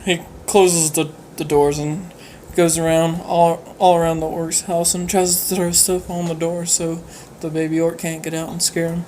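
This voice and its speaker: A woman's voice: lowish voice, level tone, moderate pace, mellow, a little hiss or hum. A woman telling a rambling comic story, laughing often and using many fillers. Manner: giggly, rambling, with frequent fillers. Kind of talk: casual comedic storytelling.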